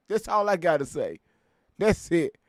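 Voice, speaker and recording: A man's voice: high-pitched, sing-song, slow pace, no echo, studio quality. A man hosting a live stream, chatting loosely with a lot of laughter and cursing. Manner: laughing, profane, loose banter. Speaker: livestream host. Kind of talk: casual live-stream chat.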